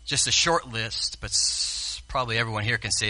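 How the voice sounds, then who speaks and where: Bright-voiced man preaching a sermon. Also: mid-range voice, normal speed. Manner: swings from hushed asides to loud exclamations; addresses the congregation directly. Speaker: pastor.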